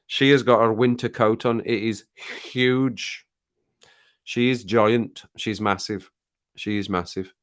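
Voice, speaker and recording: Brief: middle-aged man from England, lowish voice, easygoing livestream host chatting with viewers. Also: fairly bright tone. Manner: chatty, laughs often, baby-talks to his cat. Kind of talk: casual live chat, reading comments. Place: home.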